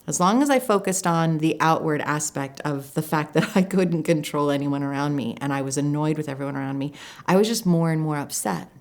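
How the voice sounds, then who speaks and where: Woman, low voice, reflective, earnest, personal storytelling, life coach. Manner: reflective, earnest, slows down for emphasis.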